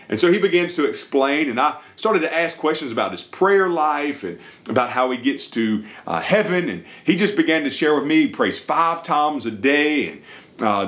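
A man with a Southern US accent, preaching a sermon and earnestly retelling a conversation. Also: mid-range voice. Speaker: pastor. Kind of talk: sermon storytelling.

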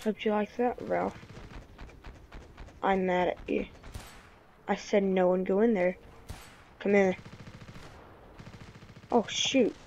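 A woman's voice: mid-range voice, slow pace, vocal fry, pauses often, a little hiss or hum. Grumbling woman gamer, muffled lo-fi recording. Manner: grumbling, excitable reactions to the game. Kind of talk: casual gameplay commentary. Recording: dull lo-fi recording.

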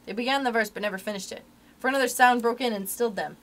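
Young woman, librarian, children's read-aloud, bright voice, fairly high, expressive storytelling. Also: rapid-fire.

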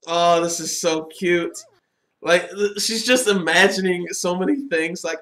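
A man giving casual, excitable reaction commentary while watching an anime, chatting and laughing as he goes. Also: on the high side, normal speed.

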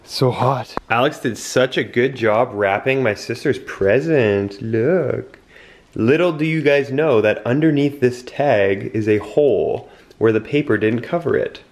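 A man's voice: medium pitch, a little slow, a little mellow, no room sound. A young man casually vlogging to a handheld camera outdoors in the snow and at home, chatty and at times out of breath. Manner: chatty, breathless after shoveling. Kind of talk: casual vlog chat.

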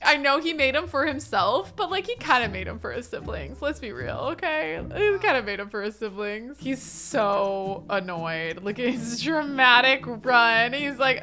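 A woman's voice: on the high side, sing-song, normal speed, hardly any pauses, pushed and bright, faint music behind. A young woman giving casual, playful commentary while she plays a life-sim game, often speaking her characters' thoughts aloud. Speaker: gaming host. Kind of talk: casual let's-play commentary.

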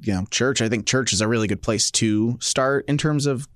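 A man's voice: medium pitch, normal speed, fairly bright tone, no echo. A man co-hosting a talk show, with a mid-range voice. He thinks aloud and fills his sentences with 'like'. The sound is dry. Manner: thoughtful, many likes. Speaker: co-host. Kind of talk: casual faith talk show chat.

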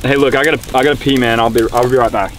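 A man's voice: medium pitch, fairly even intonation, racing, noisy background, lightly acted. Man doing a crude Aussie larrikin, far off. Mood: preachy. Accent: Australian. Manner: crude, swearing, laid-back bravado. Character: crude, cocky young Australian bloke, easygoing.

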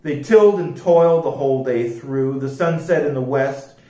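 A man reading picture books aloud as library storyteller, with a slow, lively rhyming delivery. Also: mid-range voice. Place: library room. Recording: echoey room, distant mic.

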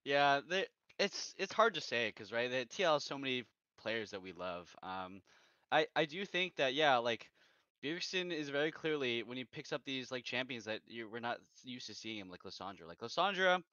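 Bright-voiced man ranting, lo-fi. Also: mid-range voice, big pitch swings, normal speed, clean tone, no echo. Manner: heated, exasperated ranting. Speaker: podcast co-host. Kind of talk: casual esports chat. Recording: dull lo-fi recording.

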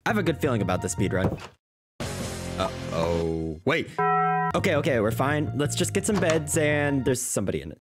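A man voicing his own cartoon character in excitable, quick reactions, full of surprised outbursts, over background music. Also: mid-range voice. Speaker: host and animator of a game cartoon. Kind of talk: animated cartoon voice acting.

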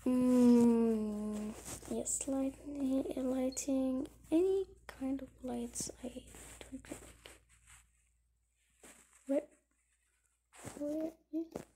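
A woman giving giggly, excitable casual gameplay commentary, often muttering softly to herself as she searches. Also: sits high, extremely slow, long pauses, slight background noise, low-quality recording. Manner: excitable, gushing. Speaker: gaming channel host.

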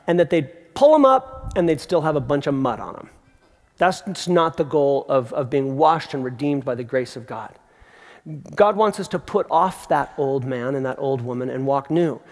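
A middle-aged man preaching a sermon as pastor, conversational and animated, with emphatic repeats. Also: a little high. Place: large theatre. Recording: long hall reverb from a theatre.

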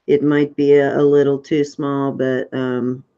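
A woman's voice: very deep voice, flat delivery, unhurried, mellow, clear, resonant tone. A woman selling on a live auction, describing each piece in chatty detail with frequent ums. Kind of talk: casual item descriptions. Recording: dull lo-fi sound.

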